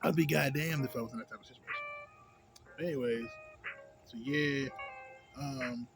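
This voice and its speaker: A man's voice: medium pitch, normal speed, vocal fry. A man casually rambling through a movie review, slangy and profane, full of filler tags. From a city. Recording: music playing loudly behind.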